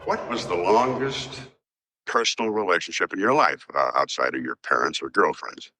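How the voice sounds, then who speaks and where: A man's voice: low voice, lively intonation, moderate pace, sharp tone, faint music behind, heavily acted. An actor playing a cold, probing male lawyer cross-examining a witness in a film courtroom scene, with pointed, needling questions.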